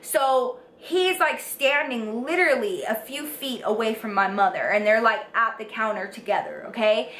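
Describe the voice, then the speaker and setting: A young American woman in her twenties, a beauty vlogger, tells her viewers a storytime to camera, swearing freely and leaning on "like" and "you guys." Her voice is fairly high and bright, at normal speed with few pauses, recorded in an echoey room with faint background hiss.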